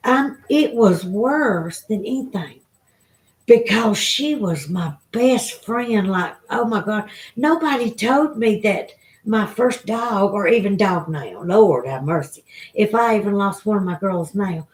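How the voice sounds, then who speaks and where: On a rough recording, a Southern US woman vlogs live, talking slowly and animatedly to her viewers. Her pitch is medium, and the casual chat wanders emotionally from one thing to the next.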